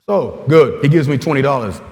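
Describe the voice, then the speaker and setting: A man in his forties giving an animated storytelling talk at a coaching conference, acting out quoted dialogue as he goes. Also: medium pitch, brisk. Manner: lively storyteller who acts out quoted dialogue. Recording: long hall reverb.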